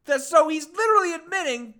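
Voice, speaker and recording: Excitable high-voiced man. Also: fast talker. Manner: excitable, sarcastic, loud bursts of laughter. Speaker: podcast co-host. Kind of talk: casual chat.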